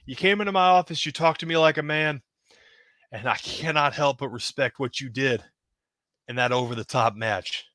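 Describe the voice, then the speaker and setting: A man putting on the voice of a brash older wrestling boss who talks loud and boastful. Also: medium pitch, normal speed, no echo, lightly acted.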